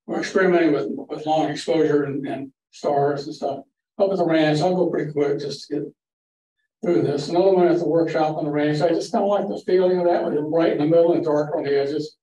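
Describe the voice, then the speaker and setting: Here an older man speaks on the high side, briskly, with a dark tone and fairly even intonation. He's the guest presenter at a photography club, delivering a casual, meandering slide-show talk with folksy stories in a library meeting room. The sound is distant and echoey, with a faint hiss underneath.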